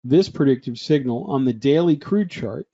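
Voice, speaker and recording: A man's voice: medium pitch, animated, normal speed, mellow, breathy edge, muffled recording. A man presenting a trading webinar in a chatty way, often asking the audience questions.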